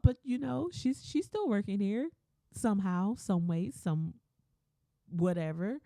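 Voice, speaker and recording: A woman's voice: mid-range voice, lively intonation, takes it slowly, mellow, no room sound. A young adult woman hosting a solo podcast, ranting bluntly and swearing, often mimicking other people's voices. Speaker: podcast host.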